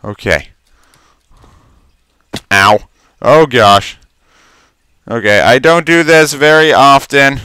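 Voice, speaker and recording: A man's voice: mid-range voice, takes it slowly, pauses often, bright, forceful tone, clear, resonant tone, no echo. A man giving casual, rambling commentary while playing a game, talking to himself and stammering when surprised. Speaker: Let's Play commentator.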